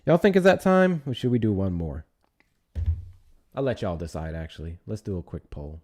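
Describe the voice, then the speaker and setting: A man's voice: on the low side, animated, normal speed, a little mellow. A man hosting a casual livestream, talking with a teasing, sarcastic and profane manner. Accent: Texan. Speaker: livestream host.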